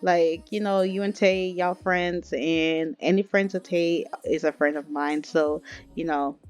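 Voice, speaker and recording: A woman's voice: on the low side, fairly even intonation, a little slow, a little mellow, smooth, soft background music, natural voice. A woman doing a laid-back, kindly young man. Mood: reassuring. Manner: laid-back, reassuring, slangy.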